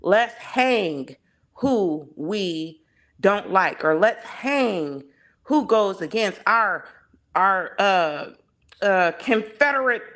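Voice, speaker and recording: A mocking, menacing Southern redneck bigot, as a woman puts him on, with a heavy Southern US drawl. The words stretch out slow and lazy, then climb high and shrill into a jeering cry. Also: expressive, fairly bright tone.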